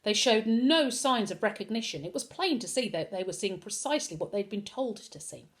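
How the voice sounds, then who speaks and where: A woman reading a children's novel aloud with expressive storytelling. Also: mid-range voice, brisk. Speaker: reader.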